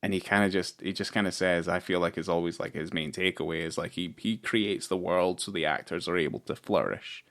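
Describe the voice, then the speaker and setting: A man's voice: deep voice, brisk, few pauses, fairly bright tone. A man co-hosting a film podcast in casual chat, rambling with lots of fillers and swearing. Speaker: podcast co-host.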